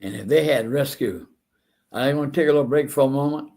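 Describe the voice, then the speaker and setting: A man's voice: medium pitch, fairly quick, darkish tone. An older man hosting a talk show, telling stories in a rambling, earnest monologue, often repeating words, and saying he feels a little unwell. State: feeling unwell. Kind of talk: casual monologue.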